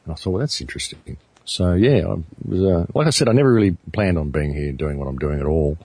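A man in his fifties with an Australian accent, talking earnestly as an interview guest, often pausing and repeating words as he thinks. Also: sits low, dark tone, breathy edge, no room sound. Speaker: interview guest, documentary maker. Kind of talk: reflective interview talk.

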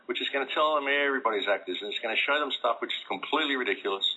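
A man's voice: mid-range voice, racing, bright, forceful tone. A man, talking in a rambling, casual way full of restarts, recorded with dull lo-fi sound. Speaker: radio show guest. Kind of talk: casual conversation.

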